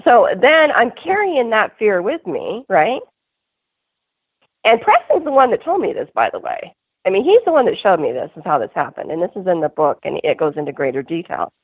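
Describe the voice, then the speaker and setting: A woman's voice: medium pitch, big pitch swings, moderate pace, breathy edge, no room sound. A woman guest on a call-in radio interview, telling her story earnestly in a rambling way, full of restarts. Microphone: phone. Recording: tinny phone line.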